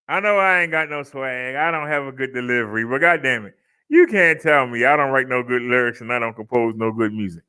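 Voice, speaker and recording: A man's voice: medium pitch, brisk, pushed and bright, smooth. A man vlogging over his own music, bragging about his songs with frequent laughs and casual dialect. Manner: laughing, boastful, speaks in dialect.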